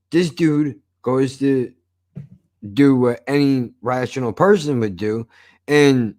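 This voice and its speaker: Male reviewer, loose vlog rant, heavy swearing, lively storytelling. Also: medium pitch. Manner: swears constantly, animated storytelling. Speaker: show reviewer. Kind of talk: casual profane rant.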